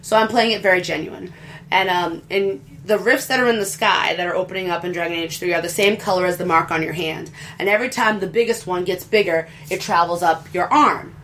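A woman's voice: on the low side, fairly quick, fairly bright tone, slight background noise. A woman in casual chat about a video game, rambling and chatty with crude humor.

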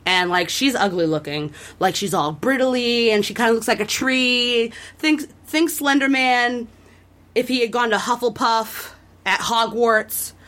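A woman's voice: fairly high pitch, unhurried, a bit bright. A woman co-hosting a casual podcast, recapping a horror video game in a rambling, enthusiastic way with lots of fillers and restarts. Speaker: podcast co-host.

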